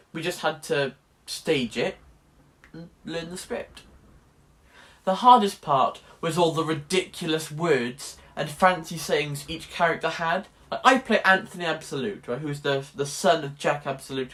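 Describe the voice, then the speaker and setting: In a fairly high, fairly bright voice, a young man in his late teens chats about his drama course in a casual vlog. He is wry and talkative and often starts his sentences over.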